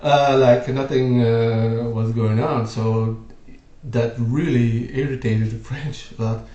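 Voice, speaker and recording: Slow-talking man explaining history. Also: mid-range voice, fairly even intonation, warm tone, highs cut off. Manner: rambling, lots of fillers. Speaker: video host. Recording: roomy echo.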